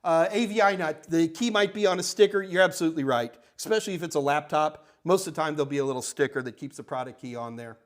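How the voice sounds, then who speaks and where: A man's voice: a little high, fast talker, few pauses. An older man hosting a live tech Q&A, answering chat questions in a blunt, emphatic, ranting way. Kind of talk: live Q&A stream.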